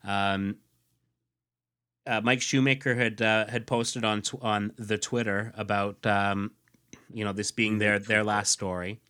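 A man co-hosting a casual comics podcast, rambling and halting as he talks, laughing easily. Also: lowish voice, level tone, bright, forceful tone, smooth. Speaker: podcast co-host. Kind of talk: casual chat about comics.

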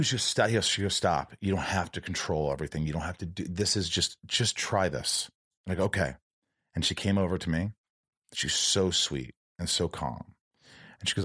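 A man's voice: low voice, a little fast, fairly bright tone, breathy edge, dry recording, studio quality. A man hosting a podcast, telling a personal story in casual chat and acting out the dialogue. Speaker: podcast host.

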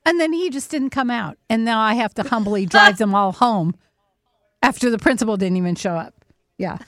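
A middle-aged woman hosting a casual chat, animated and laughing often as she acts out little quotes. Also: a little high, normal speed, no echo, clean studio sound. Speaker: host.

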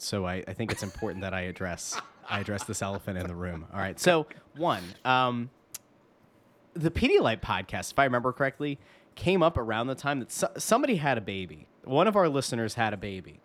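Male podcast co-host, lively pitch, mock-offended ranting. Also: fairly quick. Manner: animated, mock-indignant ranting. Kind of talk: casual podcast chat.

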